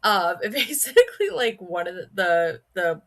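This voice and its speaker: Chatty woman book podcaster, lower voice. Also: big pitch swings, normal speed. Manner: chatty, many "like" fillers. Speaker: podcast co-host. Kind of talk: casual book chat.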